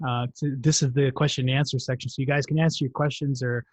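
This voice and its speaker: A man's voice: medium pitch, flat delivery, quick pace, breathy edge, dry recording. A man hosting a live-streamed interview show, chatty and rambling with lots of fillers. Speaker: show host. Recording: dull, dry sound.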